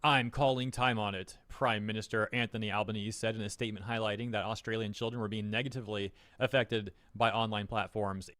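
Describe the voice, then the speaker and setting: A man's voice: on the low side, steady tone, fairly quick, few pauses, fairly bright tone, no echo. A man doing online commentary, reading news headlines aloud with wry, mocking asides.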